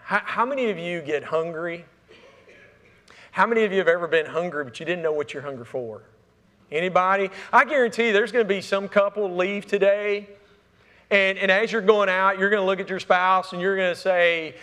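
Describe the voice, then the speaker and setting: A man preaches in a church, his voice a touch higher than most men's. He talks to the congregation like friends, stumbling over repeated words and asking them questions. A long reverb from the hall hangs on his words. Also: moderate pace, fairly bright tone. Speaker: pastor. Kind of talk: sermon. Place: church sanctuary.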